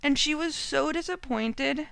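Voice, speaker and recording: A woman's voice: sits high, a little slow, vocal fry, fairly bright tone, dry recording. A woman co-hosting a podcast in casual chat, talking with lots of fillers and laughing often. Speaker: podcast co-host.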